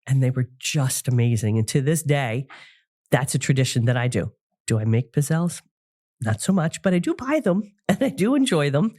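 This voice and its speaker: A middle-aged woman hosting a podcast, talking casually and warmly about family memories with frequent fillers and laughs. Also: extremely low pitch, lively intonation, moderate pace. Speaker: podcast host and psychic medium. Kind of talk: casual solo podcast talk.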